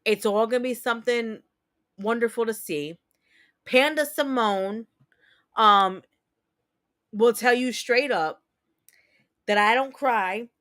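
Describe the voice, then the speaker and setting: Woman host in her thirties, casual stream chat, heartfelt and blunt, a little higher-pitched, thick accent. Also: takes it slowly, pauses often, a bit bright. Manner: candid, emotional, repetitive storytelling with mild swearing.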